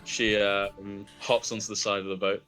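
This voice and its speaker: A man narrating as game master of a tabletop game, halting with frequent fillers. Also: on the low side, little pitch movement, pushed and bright, faint music behind. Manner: halting, many fillers, laughs easily.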